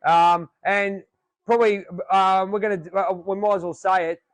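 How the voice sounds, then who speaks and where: A man's voice: high-pitched, level tone, moderate pace, clean tone, no room sound, low-quality recording. A man with an Australian accent hosting a podcast in a chatty, jokey way, rambling with fillers. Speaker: podcast host. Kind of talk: casual chat.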